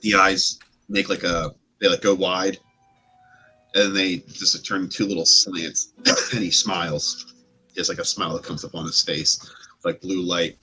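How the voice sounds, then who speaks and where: Low, bright-voiced male game master. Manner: meandering descriptive narration with many fillers. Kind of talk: narrating a tabletop game.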